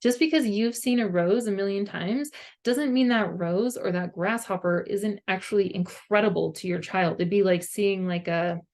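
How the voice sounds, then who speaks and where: A woman's voice: medium pitch, normal speed, darkish tone. A woman vlogger talking to her viewers in a casual, earnest monologue, peppered with "like". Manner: earnest, conversational, heavy use of "like". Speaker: parenting vlogger.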